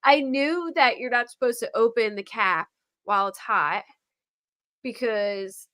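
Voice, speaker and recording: A woman's voice: fairly high pitch, a little slow, a bit bright, no room sound, clean studio sound. A woman from Pennsylvania with a Philadelphia accent, telling a rambling story on a live panel and laughing often. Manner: chatty and rambling, laughs often, says "like" a lot.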